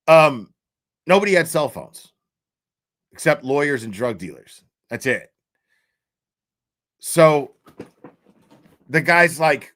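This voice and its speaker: A man's voice: mid-range voice, a bit bright. A man in his fifties telling a story casually, rambling and swearing, often tossing in "right?" to the listener. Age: 50s. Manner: profane, rambling, keeps checking in with "right?".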